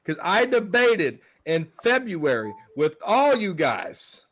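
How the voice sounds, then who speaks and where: A man's voice: high-pitched, very animated, slow pace, fairly bright tone. A man on a sports panel, teasing and needling the others in a casual debate.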